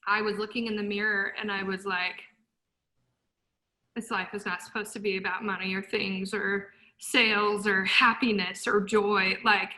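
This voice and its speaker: A woman speaking as a guest, telling her story in a passionate, blunt motivational way and loudly quoting herself. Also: mid-range voice, level tone, normal speed, low-quality recording. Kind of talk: emotional motivational talk.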